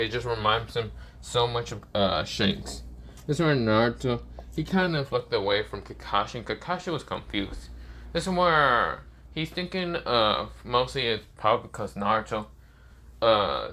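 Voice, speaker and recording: A man's voice: mid-range voice, pushed and bright. A man casually improvising a fan-fiction story, rambling with lots of fillers. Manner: rambling, many fillers like "well" and "but yeah".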